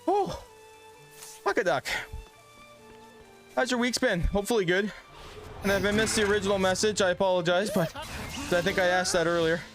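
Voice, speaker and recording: A man's voice: high voice, normal speed, long pauses, music in the background. A man streaming a video game, out of breath and chatting with his viewers in a loose, casual way as he plays. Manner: chatty, talks to chat between gameplay. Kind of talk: casual livestream chat while gaming.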